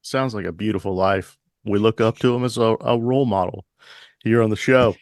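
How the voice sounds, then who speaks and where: A man co-hosting a podcast, chatting casually and riffing in a deadpan mock-announcer manner. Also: lowish voice, brisk, no room sound, studio quality. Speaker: podcast co-host.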